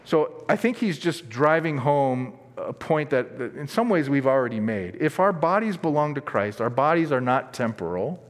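A man preaching a sermon as pastor, earnest and emphatic, dropping from strong stress to quiet asides. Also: mid-range voice, very animated, moderate pace, hardly any pauses. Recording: long reverb of a large hall.

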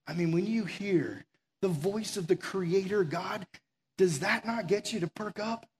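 A man's voice: high-pitched, measured pace, a little hiss or hum. A man preaching a conversational sermon as pastor, urgent and full of rhetorical questions. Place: room with a gathered audience.

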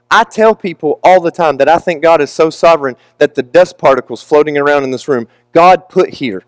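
Young male preacher, slightly raised pitch, dry close sound, candid and emotional sermon delivery. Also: lively intonation, normal speed, few pauses, no echo.

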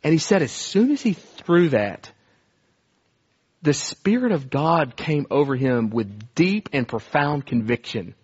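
A male pastor delivers a sermon in an earnest, conversational style. His voice sits a little high for a man. The church recording sounds dull and lo-fi. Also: lively intonation, slow pace, a little mellow, husky.

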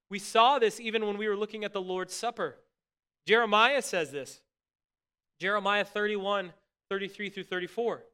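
Male pastor, middle-aged, somewhat high and bright; earnest, emphatic sermon delivery with frequent restarts. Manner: earnest, emphatic preaching with repeated restarts and dropping to soft asides.

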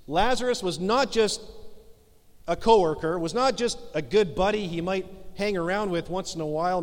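Man, pastor, earnest emphatic sermon, church hall reverb. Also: high-pitched. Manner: earnest, emphatic preaching with slowed stressed phrases. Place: church sanctuary.

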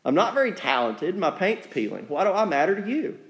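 A man's voice: high-pitched, sing-song, a little fast, rough recording. Storybook puppet boy, small, timid, uncertain, voiced by a man. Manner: unsure, hesitant.

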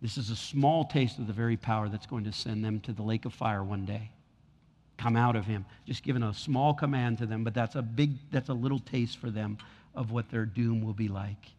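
A man's voice: on the low side, fairly quick, darkish tone. Pastor guy preaching a sermon in a church, voice rings out in a long echo, keeps repeating stuff. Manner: preaching with rising force and repeated lines. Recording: long hall reverb.

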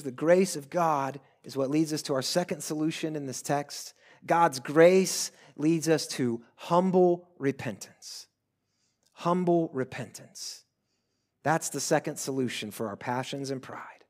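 High-voiced man preaching slowly. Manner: earnest preaching, swells loud then drops to hushed pleas. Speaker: pastor. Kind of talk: sermon.

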